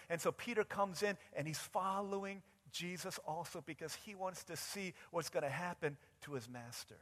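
A man's voice: high voice, normal speed, few pauses, fairly bright tone. A man pastor delivering a sermon with vivid, dramatic storytelling. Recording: long reverb in a large hall.

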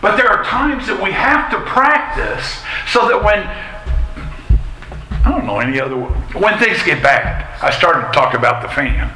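Middle-aged male pastor, bright conversational sermon voice, roomy church echo. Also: high-pitched, big pitch swings, normal speed. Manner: conversational, folksy preaching with asides. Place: church sanctuary. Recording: echoey church hall, faint ambience.

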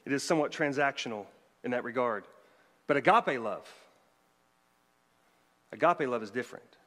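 A man's voice: medium pitch, expressive, moderate pace, a bit bright. A man, a pastor, delivering a conversational sermon with joking asides to the congregation. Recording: long hall reverb.

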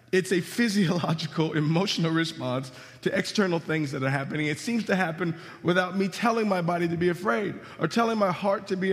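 Preaching man in a reverberant hall. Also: sits high. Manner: preaching with rising emphasis and rhetorical questions. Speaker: pastor. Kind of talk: sermon. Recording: long reverb of a large hall.

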